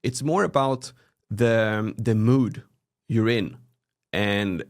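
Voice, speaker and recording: A man from Sweden with a Swedish accent, in his thirties, chatting casually as a guest and acting out people's reactions with big jumps in his voice. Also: slow. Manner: animated storytelling, acts out quoted reactions with big pitch jumps. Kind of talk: casual interview chat.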